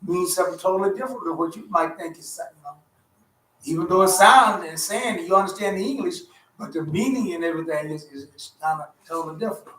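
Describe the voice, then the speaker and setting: A man's voice: sits high, quick pace, a bit bright, slight background noise. A man teaching a Bible study in a folksy, conversational way, repeating himself as he explains. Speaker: teacher leading a Torah study. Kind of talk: informal sermon. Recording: roomy sound from a distant mic.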